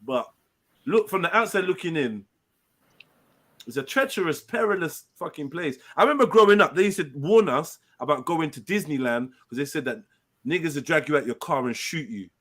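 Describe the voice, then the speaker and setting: A man's voice: fairly high pitch, lively intonation, moderate pace, a bit bright. A man hosting a live online panel, brash and teasing, swearing freely in casual banter. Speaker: panel host.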